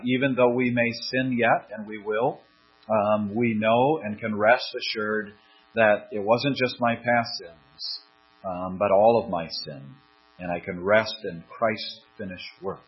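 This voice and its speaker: Husky-voiced man preaching a sermon. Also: on the low side. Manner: earnest, deliberate, stresses key words. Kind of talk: expository sermon. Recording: dull lo-fi sermon recording.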